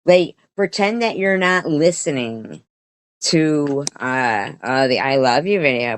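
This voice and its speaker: A woman's voice: sits low, animated, slow. A woman streamer giving a rambling, profane commentary rant, with many restarts and quoted voices.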